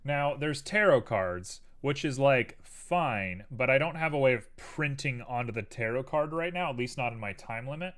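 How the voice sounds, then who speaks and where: A man's voice: mid-range voice, animated, normal speed, hardly any pauses, fairly bright tone. A man hosting a live stream, casually chatting and thinking aloud to viewers as he builds a 3D model.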